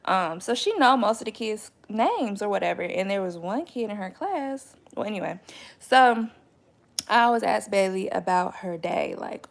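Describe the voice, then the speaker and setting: Young woman vlogger, gravelly vocal fry, chatty storyteller who laughs a lot and jumps high when quoting. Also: normal speed. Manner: chatty, animated, laughing, swings into high excited quotes. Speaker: vlogger and mother. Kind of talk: casual storytelling to viewers.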